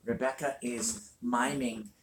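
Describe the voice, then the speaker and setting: A woman's voice: very deep voice, fairly even intonation, takes it slowly, slight background noise. Rambling woman hosting a home livestream. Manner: rambling, many fillers and restarts. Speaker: channel host. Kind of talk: casual livestream chat. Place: home room with a fireplace.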